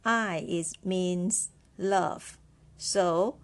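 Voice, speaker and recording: A woman with a Mandarin Chinese accent, a native Mandarin speaker, hosting a podcast language lesson and patiently repeating words slowly for learners. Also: fairly low pitch.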